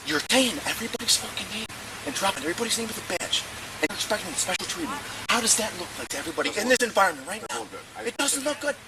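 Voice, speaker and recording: A man's voice: high voice, lively intonation, racing. A police officer berating a man in a commanding, angry voice outdoors. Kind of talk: confrontational shouting. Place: outdoors on a street. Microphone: police body camera. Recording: body camera with crowd noise.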